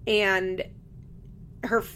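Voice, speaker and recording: A woman's voice: mid-range voice, level tone, very slow, fairly bright tone, slight background noise. A young woman chatting casually as she recaps a reality show, candid, laughing often and swearing freely. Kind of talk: casual chat.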